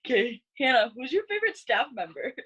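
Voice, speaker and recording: A young woman in her late teens, a high school senior, chatting casually with a classmate and using many "like" fillers. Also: sing-song, brisk, a bit bright, husky, dull audio. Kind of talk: casual chat between classmates.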